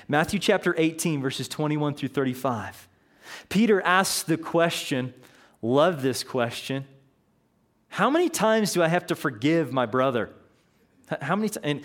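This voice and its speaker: A man preaching a sermon, telling a parable in an earnest, storytelling way with frequent restarts. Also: fairly high pitch. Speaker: pastor.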